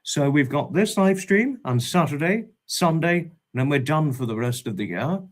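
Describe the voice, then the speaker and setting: A man hosting a casual livestream, greeting viewers by name with fond, repeated hellos in a drawn-out way. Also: a little high, lively intonation. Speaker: livestream host.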